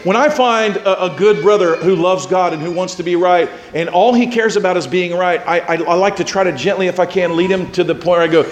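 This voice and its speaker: A man's voice: sits high, quick pace, few pauses, slight background noise. A man preaching a sermon as pastor in a church, building to fervent, emphatic delivery. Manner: rising to impassioned emphatic preaching.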